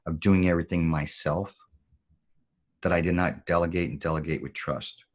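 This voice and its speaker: Male podcast guest, former Marine, deep voice, measured storyteller. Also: fairly even intonation. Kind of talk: storytelling in conversation.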